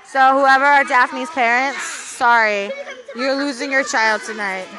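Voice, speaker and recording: A young woman hosting a casual vlog, chatty, excitable and joking about herself. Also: high voice, a little slow. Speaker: vlog host. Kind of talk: casual chat. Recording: loud crowd behind. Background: crowd noise.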